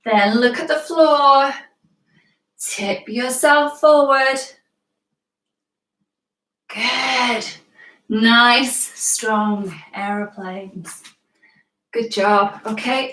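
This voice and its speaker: A woman's voice: on the high side, very slow, pauses often, a bit bright, recorded from a distance. A British woman teaching yoga to children, giving playful, encouraging step-by-step instructions. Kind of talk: guiding a children's yoga class live. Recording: echoey room, voice from away from the mic.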